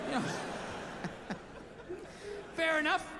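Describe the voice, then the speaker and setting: High-voiced ranting male comedian. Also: takes it slowly, long pauses. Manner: ranting, profane and animated. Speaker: stand-up comedian. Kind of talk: stand-up storytelling. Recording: played clip with background noise.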